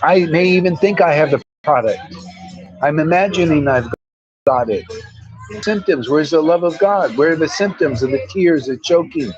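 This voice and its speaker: A man's voice: on the high side, expressive, normal speed, highs cut off, music in the background. A man giving an informal devotional talk as a spiritual teacher, blunt, preachy and full of slang.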